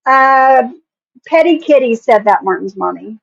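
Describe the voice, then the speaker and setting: A woman with a West Virginia country accent speaks in a fairly high voice, blunt and unfiltered as she reacts on a stream and curses without hesitation. The audio is a little muffled and lo-fi. The room adds no echo. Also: lively intonation, a little slow, vocal fry. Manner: blunt, swears freely, reads comments aloud. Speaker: commentary streamer. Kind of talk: casual reaction commentary.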